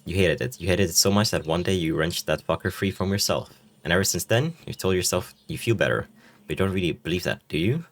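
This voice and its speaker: A man's voice: low-pitched, expressive, quick pace. A man reading the lines of a teasing, blunt young woman with a bare skull for a face, from a story game. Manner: teasing, blunt, swears casually. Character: faceless skeletal young woman, teasing, forward.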